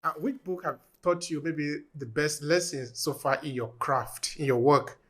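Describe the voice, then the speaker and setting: A male podcast host asking measured, polite questions and closing the show. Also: on the high side, fairly even intonation. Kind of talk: interview questions and show outro.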